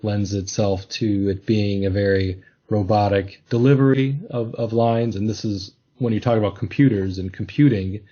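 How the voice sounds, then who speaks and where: A man hosts a casual podcast chat in a slightly low, mellow voice with a breathy edge. He talks in a thoughtful, hesitant way, often restarting his sentences. The sound is a little dull and lo-fi. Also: steady tone, normal speed, few pauses. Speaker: podcast host.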